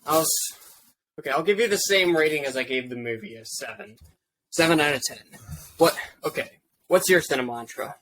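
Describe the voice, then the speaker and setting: A man's voice: fairly high pitch, a little fast, a bit bright, rough recording. A young man co-hosting a casual movie review podcast, talking in a hesitant way with many restarts. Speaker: podcast co-host.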